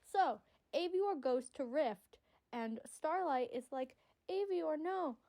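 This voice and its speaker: High-voiced woman ranting like a fan. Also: slow pace. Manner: rambling, excitable, swears casually. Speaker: fan commentator. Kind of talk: casual fan commentary. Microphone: audio-only recording.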